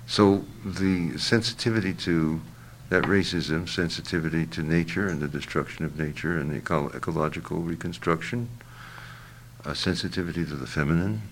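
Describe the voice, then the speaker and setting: An older man with an extremely low, gravelly voice talks slowly through his thoughts, pausing often with fillers and restarting phrases. There is a faint noise under the recording. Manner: halting, searching for words, many fillers and restarts. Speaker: interviewee. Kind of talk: reflective interview answer.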